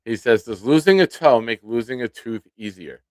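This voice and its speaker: A man's voice: medium pitch, moderate pace, no room sound. A man in his forties hosting a live sports show, chatting casually with viewers and nursing a swollen tooth. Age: 40s. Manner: relaxed, chatty, self-deprecating. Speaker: podcast host. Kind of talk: casual live-stream chat.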